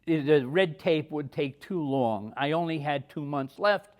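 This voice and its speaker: A man in his seventies recounts his days in the army. He is plain-spoken and unadorned, and his voice sits somewhat higher than most men's. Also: unhurried. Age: 70s. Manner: plain-spoken, acts out dialogue in stories. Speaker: army veteran guest. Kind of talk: personal war storytelling.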